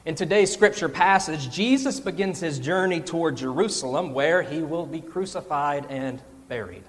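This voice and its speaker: Young male preacher, high voice, animated storyteller, echoing church hall. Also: moderate pace. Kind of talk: sermon with a personal story.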